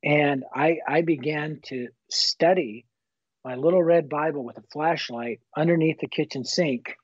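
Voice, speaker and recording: A man in his fifties, a guest telling his personal faith story in an earnest, animated, folksy way. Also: on the high side, a little slow, breathy edge, dry recording. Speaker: guest author. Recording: slightly muffled, dull recording.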